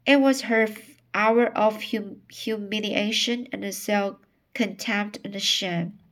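Lady reading a novel out loud, slow, keeps tripping and restarting. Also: mid-range voice, fairly even intonation. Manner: reads slowly with frequent stumbles and restarts. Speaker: narrator.

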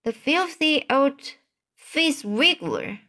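Woman doing a big kind giant guy, slow, sad, talks funny. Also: high-pitched, very animated, voice pushed up, heavily acted. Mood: indignant. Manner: odd broken grammar, gentle and sorrowful. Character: kindly big male giant, soft-hearted.

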